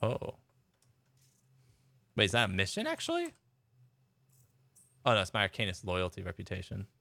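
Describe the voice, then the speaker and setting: A man's voice: low voice, huge pitch swings, moderate pace, vocal fry, pushed and bright. A man chatting casually as he streams a game and reads out chat messages. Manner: chatty, rambling, laughs, reads chat aloud. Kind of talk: casual gameplay commentary.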